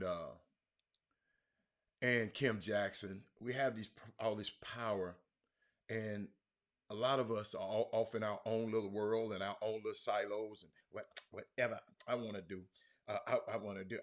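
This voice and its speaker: A man's voice: mid-range voice, a bit bright. Rambling host greeting his viewers. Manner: rambling, many restarts and fillers, calls viewers by name. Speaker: sports talk show host. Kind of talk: casual livestream chat with viewers.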